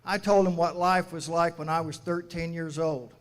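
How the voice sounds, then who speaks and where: A man in his sixties delivers a commencement address as a mayor, his slightly higher voice carried over a podium mic. He tells folksy stories with quoted dialogue in an unhurried, grandfatherly manner, and a long echo trails his words through the large venue. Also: steady tone. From United States. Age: 60s. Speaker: mayor giving a graduation speech. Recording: echoey hall from a public address.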